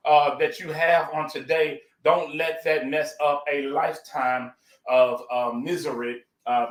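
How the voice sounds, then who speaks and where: A man's voice: a little high, a bit bright, roomy sound, rough recording. A man hosting a casual live cooking stream, folksy and effusive, greeting his viewers by name.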